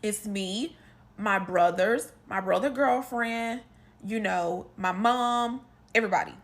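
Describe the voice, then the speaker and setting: A woman telling a casual storytime monologue to her followers, retelling a family fight in animated, slangy talk with lots of quoted dialogue. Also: medium pitch, slow pace. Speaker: storytime creator.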